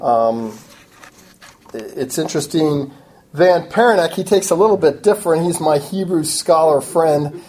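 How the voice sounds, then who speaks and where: A woman's voice: low-pitched, unhurried, mellow, poor audio. A woman teaching a Bible passage in an expository sermon, preaching emphatically and adding frequent asides.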